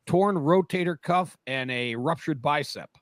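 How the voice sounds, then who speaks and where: Middle-aged jersey-raised guy, kinda high voice, rambly stories on a radio show, dry mic. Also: a little slow, no room sound. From New Jersey. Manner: rambling storyteller, self-interrupting. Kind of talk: casual radio chat.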